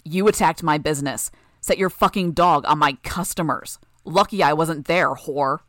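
A woman's voice: sits low, fairly quick, fairly bright tone, dry recording, clean studio sound. A woman narrator voicing a violent, snarling male villain, growling and menacing.

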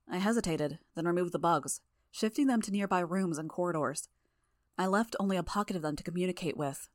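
Female audiobook narrator; low, steady first-person storytelling with a dry, close sound. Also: fairly quick, dry recording.

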